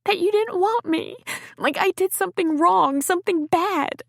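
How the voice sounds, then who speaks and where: High wobbly teen girl, scared and teary, small pleading voice, woman reading her. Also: normal speed, vocal fry, dry recording, studio quality. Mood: hurt, pleading. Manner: small, pleading, on the edge of tears. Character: scared tearful teenage girl, pregnant.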